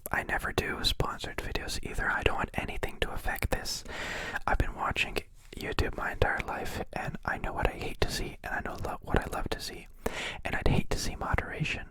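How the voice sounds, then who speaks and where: A young man chatting in a soft whisper on an ASMR live stream, rambling and joking as he answers viewers' questions. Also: fairly quick. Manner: rambling, jokey, confessional.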